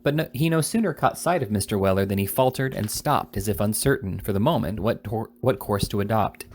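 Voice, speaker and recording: A man reading a classic novel aloud, slightly halting and correcting slips as he goes. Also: on the low side, a little mellow, a little hiss or hum. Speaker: reader.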